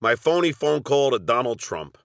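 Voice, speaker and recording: A man's voice: mid-range voice, big pitch swings, normal speed, gravelly, fairly bright tone, no echo, studio quality. A middle-aged man with a Long Island accent narrating a personal story from a script, with wry, sardonic asides.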